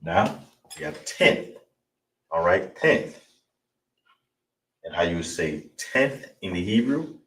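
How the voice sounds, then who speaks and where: A man with a Chicago accent teaching an online language class, saying words slowly and repeating them, often checking that listeners understand. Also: low voice, big pitch swings, fairly bright tone. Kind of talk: online language lesson, livestream. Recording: roomy echo, distant mic, faint noise.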